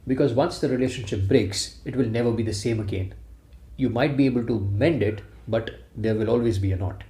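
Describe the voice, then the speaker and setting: A man's voice: mid-range voice, brisk, mellow. A man giving a motivational talk, telling a story and speaking emphatically to his listeners. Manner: emphatic, addresses listeners directly. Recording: echoey room.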